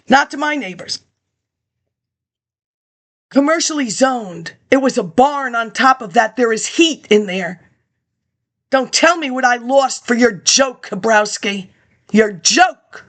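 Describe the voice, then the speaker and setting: A woman's voice: on the high side, lively intonation, takes it slowly, long pauses, fairly bright tone. A woman rambling through a monologue, reading old papers aloud and jumping between topics with sarcastic asides.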